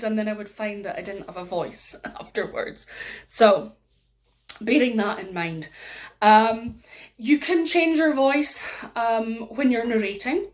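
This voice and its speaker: Scottish woman from Aberdeen, storytelling teacher, lively delivery that swings pitch and loudness, plenty of ums. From Aberdeen, Scotland. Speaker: storytelling workshop leader. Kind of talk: instructional workshop talk.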